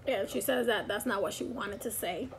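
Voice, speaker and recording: A mother vlogs casually at home indoors, chatty and rambling with many fillers. Her mid-range voice is gravelly and moderately paced, with slight background noise.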